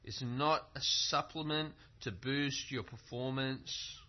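Slow, emphatic male preacher. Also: mid-range voice, fairly even intonation, highs cut off. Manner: storytelling, emphatic, with rhetorical questions. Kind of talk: sermon.

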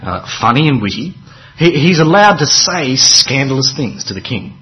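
A man preaching with a wry, chatty delivery, leaning hard on key words and dropping into quieter asides. His voice sits at an ordinary male pitch. The recording sounds a little dull and lo-fi. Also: big pitch swings, normal speed. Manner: conversational, wry preaching with dramatic emphasis and asides. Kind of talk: sermon.

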